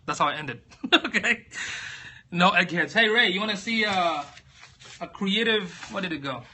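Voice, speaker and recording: Man hosting a live stream, very bright tense voice, slightly high, casual rambling chat, answers viewer comments. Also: expressive, normal speed. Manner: rambling, thinks aloud while searching; reads viewer comments aloud and answers them. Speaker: livestream host.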